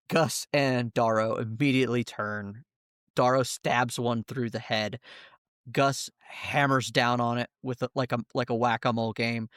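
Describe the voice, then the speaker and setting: A man running a tabletop game as its game master, with an animated delivery that keeps tipping into laughter and quick voices for his characters. His voice sits at an ordinary middle pitch. It is recorded close and dry, with no room sound. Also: clean tone, dry recording.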